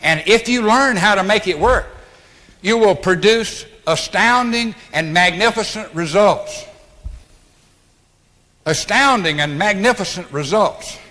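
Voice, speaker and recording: Man, forceful bright voice, preachy motivational lecture, echo of a big hall, archival recording. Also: sits high. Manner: emphatic, preachy, blunt. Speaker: speaker at an orientation.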